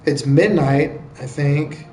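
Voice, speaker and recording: An American man chatting casually with viewers during a live game stream, joking and answering their questions out loud. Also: on the high side, fairly even intonation, takes it slowly, a little hiss or hum. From United States. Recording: roomy echo with faint background music.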